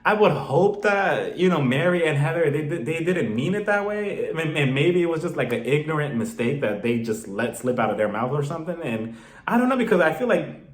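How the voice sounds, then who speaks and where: A man in a fairly high register rattles off an opinionated recap of a reality show. His tone jumps around expressively, and his voice bounces around an echoey room. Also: sing-song, brisk. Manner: chatty, opinionated, exasperated. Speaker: reality TV reviewer. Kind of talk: casual vlog recap. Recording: roomy echo.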